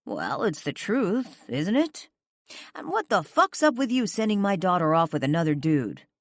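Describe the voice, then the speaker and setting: A woman voicing a young male rock star and father who is gentle with his child and blunt and cursing in arguments. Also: lowish voice, very animated, moderate pace, dry recording, studio quality. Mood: angry, hushed.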